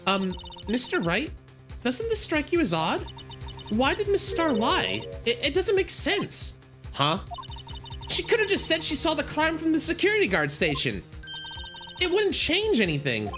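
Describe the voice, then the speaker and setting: An earnest, worried young woman sidekick with a high, fretful falsetto, as a man puts her on. Her voice swings up and down as she frets, with game music playing behind her. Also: huge pitch swings, a little slow, full character voice.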